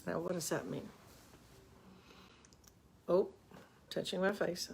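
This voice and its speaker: A woman's voice: lowish voice, steady tone, slow pace, gravelly, a little mellow, a little hiss or hum. An older woman, a relationship coach, giving chatty, folksy advice on a live stream with self-mocking asides, into a webcam.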